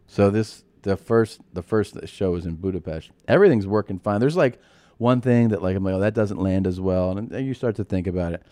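A man with a low voice tells road stories on a podcast, laughing as he goes and slipping into other people's voices. The sound is dry and close. It is loose, easy conversation. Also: a little fast, warm tone, no room sound. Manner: laughs often while telling stories, acts out quoted voices. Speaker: podcast co-host and comedian. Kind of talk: casual chat, storytelling.

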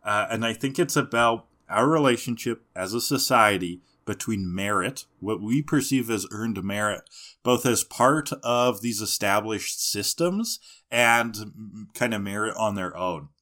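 A man's voice: on the low side, unhurried, bright, forceful tone. A man co-hosting a casual podcast, recapping cartoon episodes, laughing often and mimicking characters in mocking voices. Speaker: podcast co-host.

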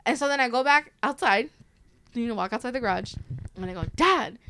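Woman, casual storytelling, profane, animated, fairly high voice, faint hiss behind. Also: fast talker.

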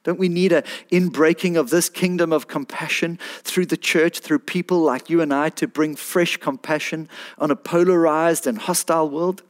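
A man preaching a sermon, animated and pleading, rising to emphatic peaks as he reads and explains scripture. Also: on the high side, moderate pace. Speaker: pastor.

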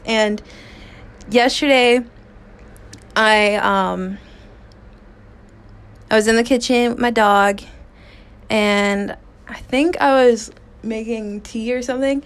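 A woman's voice: a little high, fairly even intonation, takes it slowly, pauses often, smooth. A woman hosting a podcast, telling a personal story in a candid, raw way with casual swearing and many fillers, recorded on a phone in a small booth. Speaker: podcast host.

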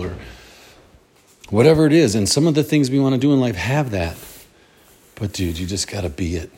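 A man's voice: on the low side, darkish tone, husky. A middle-aged man talking alone on his podcast in a casual, upbeat, motivational way, rambling and restarting his sentences as he goes. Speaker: podcast host. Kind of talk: casual solo podcast monologue.

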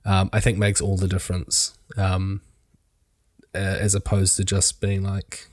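A man's voice: low voice, completely flat delivery, measured pace, no room sound, studio quality. A young adult man, a wedding photographer with a sore throat, chatting casually with a rambling, hedging manner. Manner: rambling, hedging, many fillers. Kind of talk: casual podcast chat.

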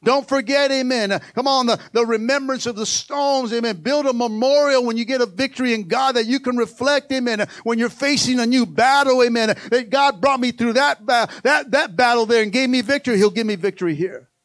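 High-voiced preaching man. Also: a little fast, few pauses, dry recording, clean studio sound. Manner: animated preaching, repeatedly calls out to the congregation. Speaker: pastor. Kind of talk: sermon.

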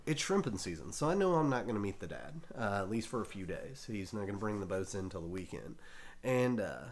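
A man's voice: on the low side, sing-song, brisk. A man casually telling a long, profane anecdote, often laughing as he talks. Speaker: storyteller on a talk show.

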